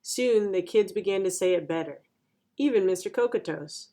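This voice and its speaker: A woman's voice: medium pitch, normal speed, mellow. Woman reading a children's story aloud.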